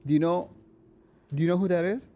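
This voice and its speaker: A man streaming a horror game, chatting excitedly with viewers, swearing and laughing as he plays. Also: high voice, fairly quick. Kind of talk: casual gameplay commentary.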